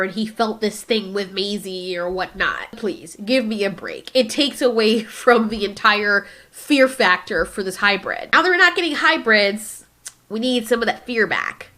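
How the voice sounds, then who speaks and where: Bright-voiced woman giving opinionated film commentary. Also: a little high. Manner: opinionated, animated, acts out dinosaur lines. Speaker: film discussion host. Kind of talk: casual commentary.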